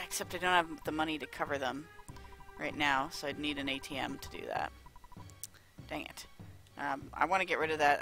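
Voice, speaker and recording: Bright, rambling woman streamer. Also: low-pitched. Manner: chatty, rambling, with lots of fillers. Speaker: let's play streamer. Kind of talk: casual gameplay commentary. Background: faint game music.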